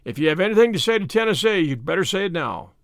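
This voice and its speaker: Impatient frontier judge, voiced by a male reader, curt, lively pitch, dry sound. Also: fast, gravelly, no room sound, exaggerated voice. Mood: stern.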